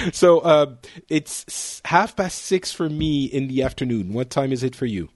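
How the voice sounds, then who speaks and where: A man's voice: a little high, measured pace, dry recording, clean studio sound. A man from France, hosting a casual podcast chat, joking and often correcting himself mid-sentence. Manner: rambling, self-correcting, joking. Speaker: podcast host.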